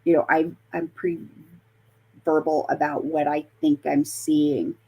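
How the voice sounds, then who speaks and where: A woman's voice: low voice, little pitch movement, measured pace, dark tone, husky, lo-fi sound. A woman from Colorado, a paranormal investigator, chatting as a guest with many fillers and restarts. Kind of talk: casual storytelling interview.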